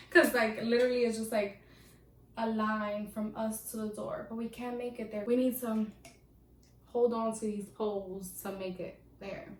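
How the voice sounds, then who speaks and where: Speaking in a slightly high voice, a young woman vlogger chats animatedly through casual stories, using slang and laughing at herself. There's slight background noise, and her voice sounds far off in an echoey room.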